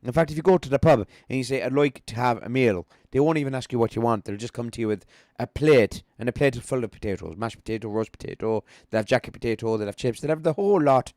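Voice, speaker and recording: A man's voice: medium pitch, fast, few pauses, a little mellow, dry recording, clean studio sound, close to an everyday voice. A man putting on a joking southern Irish voice. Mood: playful. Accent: Irish put-on. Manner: teasing, rambling mock storytelling.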